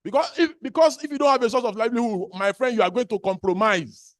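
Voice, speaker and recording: A man with a Nigerian accent delivers a fiery public speech in a notably high voice. He hammers his points home by repeating whole phrases. The sound is close and dry, with no room around it. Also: fast talker, no room sound. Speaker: activist speaker at a birthday gathering.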